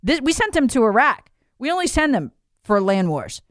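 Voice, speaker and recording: A woman's voice: sits high, very animated, normal speed, dry recording, studio quality. A woman delivering an emphatic, incredulous political opinion monologue straight to her viewers. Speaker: political commentator.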